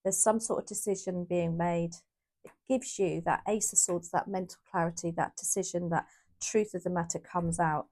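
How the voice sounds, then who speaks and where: A woman with a lowish, gravelly voice chats her way through a tarot reading. She is casual and a little rambling, thinking aloud and correcting herself as she goes. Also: fairly even intonation, moderate pace, darkish tone. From United Kingdom. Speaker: tarot reader.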